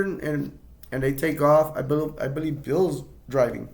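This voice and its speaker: A man's voice: mid-range voice, fairly even intonation, fairly quick, vocal fry, darkish tone. A man casually recapping a horror film scene by scene, rambling with many restarts. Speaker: movie reviewer.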